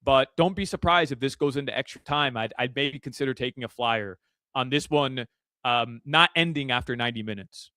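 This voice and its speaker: A man as a guest analyst in a casual sports radio chat, animated and full of fillers and restarts. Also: medium pitch, fairly quick, clean tone, no room sound. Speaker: soccer betting analyst guest. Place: Miami.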